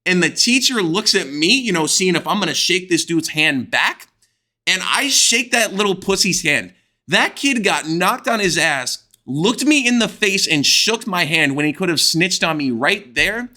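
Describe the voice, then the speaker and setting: A young man from the United States telling a crude, excitable storytime with plenty of swearing. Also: sits high, moderate pace. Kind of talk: animated storytime vlog.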